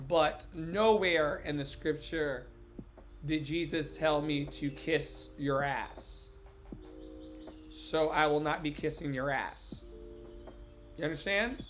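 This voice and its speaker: A man's voice: a little high, sharp tone. A man hosting a show, delivering an impassioned motivational sermon in an emphatic, blunt and profane preacher's manner.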